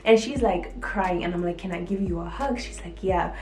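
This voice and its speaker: A woman's voice: fairly low pitch, moderate pace. A woman vlogger telling a dramatic story to camera, acting out what people said, with lots of "like". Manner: animated, acts out quotes, frequent "like". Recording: echoey room, faint music behind.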